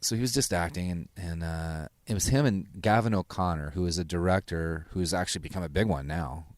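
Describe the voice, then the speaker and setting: Deep-voiced podcast host man. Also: no echo. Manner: casual, swears freely, halting restarts. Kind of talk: casual conversation.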